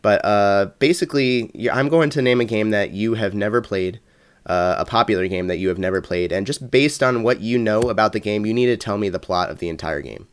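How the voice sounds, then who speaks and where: A man's voice: fairly low pitch, brisk, smooth, dry recording. A man co-hosting a casual gaming podcast, stuffy and congested, easygoing. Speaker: podcast co-host.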